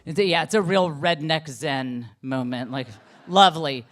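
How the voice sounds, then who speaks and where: A middle-aged woman performing a stand-up comedy set, telling self-deprecating stories with animated delivery. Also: low-pitched, normal speed.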